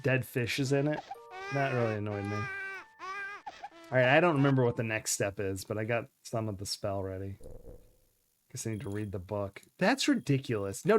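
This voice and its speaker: A streamer giving live commentary on a game, ranting in annoyance and laughing at the puzzles. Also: medium pitch. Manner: exasperated, laughing rants.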